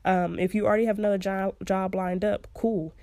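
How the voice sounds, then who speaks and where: A woman's voice: medium pitch, level tone, brisk, a little mellow, no echo. A young woman hosting a podcast, giving casual advice in a chatty way and laughing often. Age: young adult. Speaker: podcast host.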